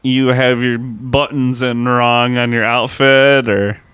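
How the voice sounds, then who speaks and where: A man's voice: mid-range voice, little pitch movement, slow pace, fairly bright tone, clean tone, no room sound. A man co-hosting a history podcast, telling grim stories in a loose, profane, chatty way. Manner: loose, profane, storytelling with many "like" fillers. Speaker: podcast co-host. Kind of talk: casual podcast chat.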